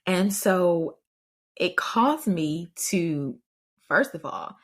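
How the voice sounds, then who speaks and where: Very slowly and expressively, a low-voiced woman hosts a parenting podcast full of chatty stories. It's a casual advice conversation in which she speaks straight to the people listening.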